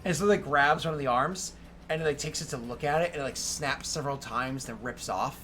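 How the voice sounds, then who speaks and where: Animated game master, bright voice. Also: male voice, mid-range voice, fairly quick, slight background noise. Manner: animated, full of fillers. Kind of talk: narrating a tabletop game.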